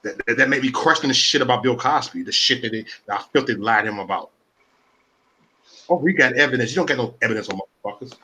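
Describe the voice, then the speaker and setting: Brief: forties male stream host on a profane, combative rant, bright edgy tone. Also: mid-range voice, fast talker. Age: 40s. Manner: profane, repetitive, confrontational. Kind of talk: ranting live stream talk.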